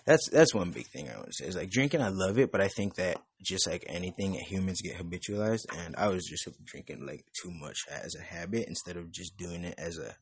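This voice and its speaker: A man's voice: sits low, brisk, hardly any pauses, slight background noise. A young man hosting a podcast, chatting in a loose, rambling way with plenty of cursing. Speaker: podcast host. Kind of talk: casual chat.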